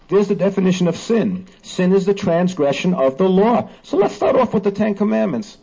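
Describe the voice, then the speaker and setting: Male host, animated and emphatic, a bit husky, muffled lo-fi sound. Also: sits high. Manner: animated, emphatic, quotes scripture slowly. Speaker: host of a Bible discussion. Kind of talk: casual religious discussion. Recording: dull lo-fi recording.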